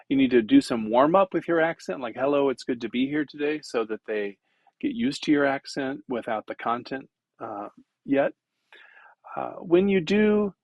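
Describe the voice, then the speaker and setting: A man of middle pitch gives a relaxed, conversational lesson on public speaking, demonstrating his points and filling pauses with "uh". The sound is close and dry, with no room echo. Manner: conversational, demonstrative, many fillers. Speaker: instructor.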